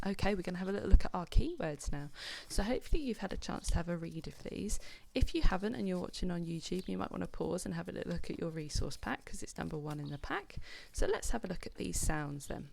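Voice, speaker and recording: A woman's voice: on the low side, animated, brisk, creaky, hardly any pauses, a little mellow. Encouraging woman teaching children phonics. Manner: encouraging, praises children by name, counts down. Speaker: homeschool teacher. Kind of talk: live online phonics lesson for children.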